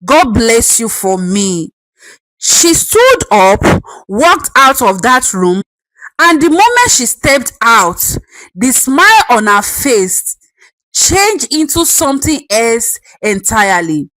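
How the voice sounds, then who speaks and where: Woman, storyteller, high voice, animated. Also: slow pace, dry recording, poor audio. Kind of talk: dramatic story narration.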